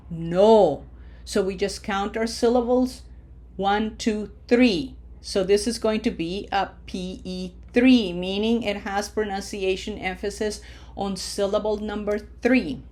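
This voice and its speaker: A woman teaching a recorded online language lesson, patiently walking through rules step by step and slowing down to model words. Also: medium pitch. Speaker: Spanish teacher.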